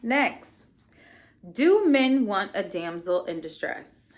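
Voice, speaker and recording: A young woman talks straight to her listeners in a casual solo podcast recap. She is sassy and blunt, swears freely and drops playful asides as she goes. Her pitch sits in a middle range. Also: big pitch swings, slow. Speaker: podcast host.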